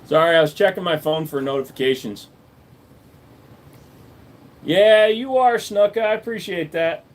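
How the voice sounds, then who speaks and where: A man's voice: high voice, measured pace. A man chatting casually on a live stream at home, joking with viewers and talking to his dog. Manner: chatty, jokey, talks to his dog in a baby voice.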